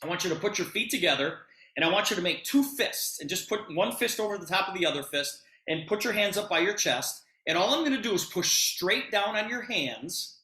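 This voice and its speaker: Middle-aged man, animated storyteller, bright forceful voice, roomy echo. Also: sits high, a little fast. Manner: retells the conversation with plenty of expressive emphasis. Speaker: presenter telling a personal story.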